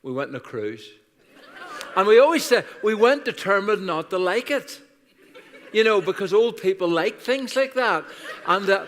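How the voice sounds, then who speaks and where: A very animated Irish pastor in his sixties, visiting as a guest, uses funny stories about himself in a chatty sermon. His high, slightly bright voice keeps a moderate pace in a reverberant church hall.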